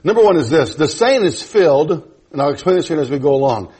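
A man with a high, husky voice preaches a teaching sermon. He keeps it folksy, breaks in with joking asides and then lands his points with emphasis. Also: big pitch swings, quick pace, a little mellow. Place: church.

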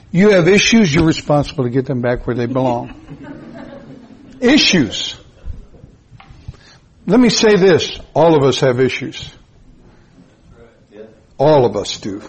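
A man preaching a sermon, emphatic and repetitive, with sudden high-pitched rises. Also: lively intonation, normal speed. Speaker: pastor.

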